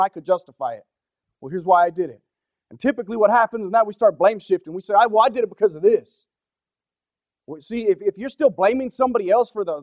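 A man preaching a sermon in an earnest, conversational way, often asking the congregation questions and shifting between soft, low-key passages and urgent emphasis. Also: no echo. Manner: drops to a soft, low-key delivery for stretches, then rises with urgency.

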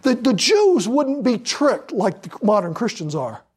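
A man's voice: very high-pitched, sing-song, a little slow, darkish tone, slightly rough. A man preaching a sermon with fervor, hammering points through repetition and drawing out scripture for emphasis.

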